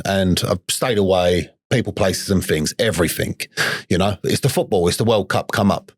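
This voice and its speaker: A man's voice: low voice, dry recording, studio quality. A man talking earnestly in a casual podcast chat, swearing freely and often checking that he is understood. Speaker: guest in recovery.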